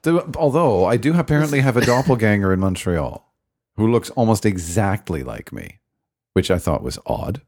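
Deep, lively wry male co-host. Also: normal speed. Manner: wry, teasing, swoops up in surprise. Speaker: podcast co-host. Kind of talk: casual chat about hockey.

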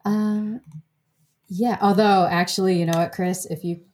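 A woman's voice: medium pitch, fairly even intonation, measured pace, darkish tone. A woman hosting a podcast in casual chat, giggly and rambling. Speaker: podcast host.

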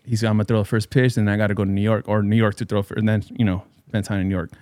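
A man's voice: lowish voice, little pitch movement, rapid-fire, darkish tone, no room sound, studio quality. A man and DJ telling a story in casual chat with friends, loose and profane with bro slang.

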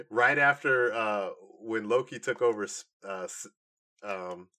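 A man's voice: fairly low pitch, slow, sharp tone. A man co-hosting a casual podcast chat, laughing often and quoting movie lines. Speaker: podcast co-host. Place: hot room at home.

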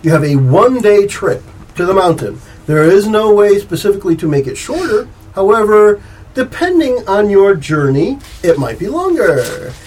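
A man's voice: high voice, very animated, normal speed, a little mellow, breathy edge, low-quality recording. A man narrating a tabletop game as game master, rambling with restarts and laughing often.

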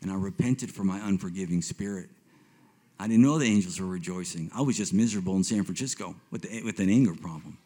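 A man in his fifties telling his personal faith testimony to a congregation, swinging between hushed reflection and excited retelling, often repeating himself. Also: deep voice, fast talker. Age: 50s. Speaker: speaker giving a testimony.

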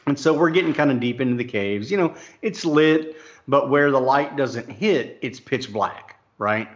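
A man's voice: medium pitch, animated, normal speed. A middle-aged man in casual conversation who laughs easily and tells a story of his own. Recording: dull lo-fi sound.

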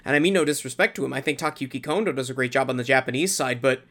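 A man's voice: medium pitch, steady tone, rapid-fire, fairly bright tone. A man co-hosting a podcast, chatting in an enthusiastic, gushing way. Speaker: podcast co-host. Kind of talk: casual podcast chat.

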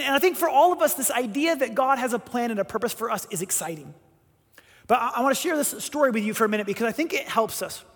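A man preaching a sermon, telling a story with animated, emphatic delivery and voiced quotes. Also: very high voice. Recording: long hall reverb.

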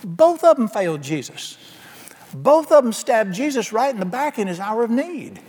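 A man's voice: very high-pitched, big pitch swings, normal speed, a little mellow, breathy edge. A man preaching a sermon emphatically, asking his congregation questions. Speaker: pastor. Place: church sanctuary. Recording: long hall reverb.

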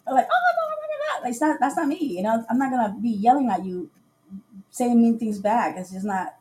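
This podcast host speaks at a fairly high pitch and a little fast as she shares a dating tale live. Her delivery is lively, with frequent laughter and re-enactments of people's lines.

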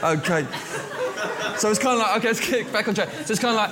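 High-voiced casual preacher. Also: male voice, animated, fast, a little hiss or hum. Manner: conversational preaching with frequent fillers and restarts. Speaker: pastor. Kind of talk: sermon.

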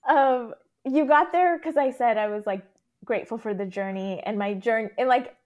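A woman's voice: fairly high pitch, moderate pace, dull audio. A woman speaking as a podcast guest, earnest and reflective, with many fillers like "like" and "you know". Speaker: podcast guest and career coach. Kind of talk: casual conversational interview.

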